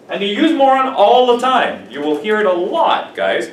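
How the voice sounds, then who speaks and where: Male teacher, classroom lesson, animated, playful, roomy echo, distant mic, faint hiss. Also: high-pitched, moderate pace, hardly any pauses. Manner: animated, playful, acts out examples. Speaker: English teacher. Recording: echoey room from far off, faint noise.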